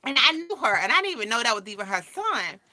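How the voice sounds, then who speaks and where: A woman tells a story straight to her viewers, bright and forward in tone. She jumps into the voices of the people she quotes and keeps the telling animated from line to line. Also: on the high side, fast. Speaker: vlogger. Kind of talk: casual storytime chat.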